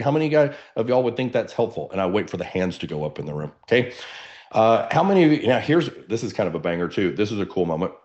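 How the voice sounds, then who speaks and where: Brief: Texan man, low baritone, high-energy webinar coach, dull lo-fi sound. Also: fast talker. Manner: energetic, animated, casual. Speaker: real estate coach. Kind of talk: webinar teaching. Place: standing, moving around while speaking.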